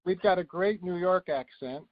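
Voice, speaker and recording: A man speaking as a guest doctor on a phone call, talking in a relaxed, chatty way with many fillers. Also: sits high, moderate pace. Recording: dull phone line.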